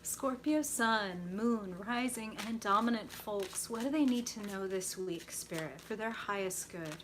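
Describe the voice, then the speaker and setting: A woman's voice: mid-range voice, unhurried, noisy background. A young woman hosting a live tarot reading stream, gushing and enthusiastic as she reacts to viewers. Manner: bubbly, gushing, reacts to chat with excited squeals.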